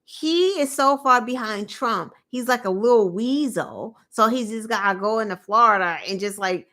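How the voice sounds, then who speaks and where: Woman, political commentary, indignant, lively delivery, slightly high voice. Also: moderate pace. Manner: indignant, animated, mocking impressions. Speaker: political show host.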